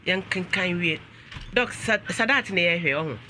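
A Ghanaian man hosts a talk show in a high, piercingly bright voice. He flips between English and Twi and breaks into frequent exclamations. A faint hiss sits behind him. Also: normal speed.

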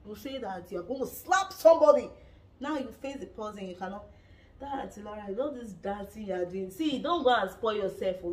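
Animated Nigerian woman gossiping. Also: fairly high pitch, far from the mic. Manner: animated, dramatic, laughs often. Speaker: reality-show reviewer. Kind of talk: casual gossip commentary.

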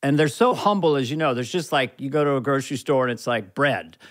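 A man guest on a podcast, an animated storyteller who slips into voices during casual chat. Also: medium pitch, fast, dry recording. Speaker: guest comedian.

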